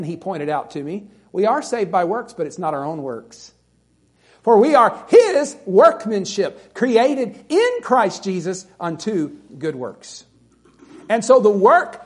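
A man's voice: high voice, husky. A man preaching a sermon, reading scripture and pleading earnestly with his listeners. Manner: earnest, pleading, reads scripture in King James wording.

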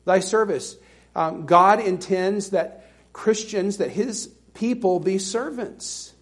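Higher-pitched man preaching a sermon. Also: slow pace. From Alabama, US. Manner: conversational, self-deprecating, with laughing asides. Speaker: pastor.

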